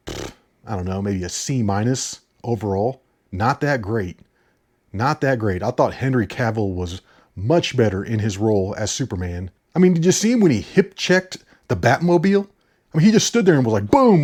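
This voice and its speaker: Man, casual movie reviewer, opinionated, blunt, rambling, animated pitch.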